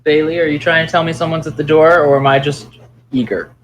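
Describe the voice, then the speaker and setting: A man's voice: on the high side, level tone, fast talker. A man in casual chat before a tabletop game, making dry, joking quips.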